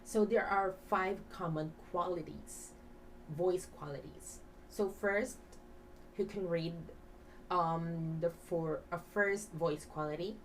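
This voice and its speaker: Female teacher, low-pitched, patient classroom explainer with fillers; faint background noise. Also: slow pace, distant mic, rough recording. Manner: explains with many fillers, has class repeat words; breathy half-whisper when demonstrating. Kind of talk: demo teaching lesson.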